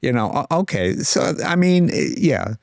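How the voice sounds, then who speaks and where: Older man, lively chatty storyteller. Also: on the high side, normal speed, gravelly, dry recording, studio quality. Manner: anecdotal, mimics voices in his stories, stammers and restarts. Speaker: guest. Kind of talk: casual storytelling interview.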